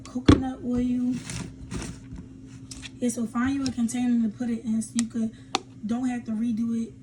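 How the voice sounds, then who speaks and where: Filming at home with background noise, a young woman beauty vlogger shows off a product in casual chat. She speaks at a fairly high pitch, wanders off topic and laughs a lot.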